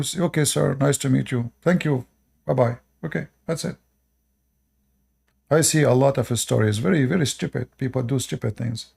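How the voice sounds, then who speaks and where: A man running an online channel lectures his viewers in non-native English, repeating short commands and posing rhetorical questions in a preachy advice monologue. His medium-pitched voice is gravelly, warm, and slightly rough.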